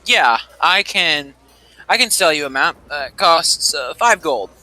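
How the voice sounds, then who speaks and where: A man's voice: fairly high pitch, unhurried, exaggerated voice, low-quality recording. A man voicing an eager male cartographer who gushes over a famous actor, in a tabletop game. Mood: matter-of-fact. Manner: gushing fanboy, breathless excitement.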